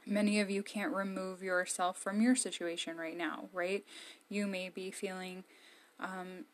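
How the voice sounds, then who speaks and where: A woman's voice: medium pitch, level tone, measured pace. A woman giving casual, emphatic encouragement to camera from her own room. She is candid and blunt. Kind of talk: casual motivational talk to camera.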